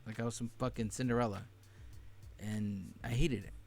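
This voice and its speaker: A man's voice: fairly low pitch, steady tone, moderate pace, gravelly, darkish tone. Young male podcast host, casual profane storytelling, faint music bed. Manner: candid and profane, laughing at painful memories.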